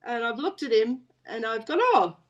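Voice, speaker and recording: A woman's voice: on the high side, moderate pace, highs cut off. A middle-aged woman with an Australian accent, a guest in an interview, rambling through stories with restarts. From Wales. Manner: rambling and chatty, with frequent restarts and laughs. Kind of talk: casual storytelling chat.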